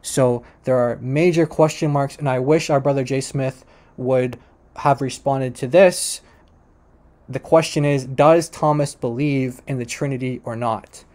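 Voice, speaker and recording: A man's voice: medium pitch, a little mellow. A man commentating on a video clip he plays, making critical points with emphatic repetition. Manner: emphatic, repeats points for stress.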